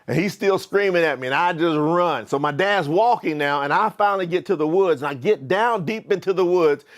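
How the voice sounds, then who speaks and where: A middle-aged man with a high-pitched voice tells a story from his own life, addressing his viewers directly. He speaks in an animated, lively way, as a motivational speaker would. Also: a little fast. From Kentucky, US. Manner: animated, talks straight to viewers. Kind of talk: personal storytelling to online viewers.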